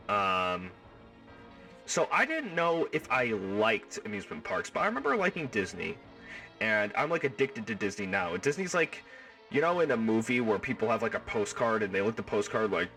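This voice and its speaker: A man hosting a livestream, chatting casually with his viewers in an excitable, rambling way and riffing on the same joke over and over, his voice stuffed up and hoarse. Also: on the low side, moderate pace, far from the mic, soft background music. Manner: excitable, rambling, riffs and repeats himself. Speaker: livestream host. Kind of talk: casual chat with live viewers.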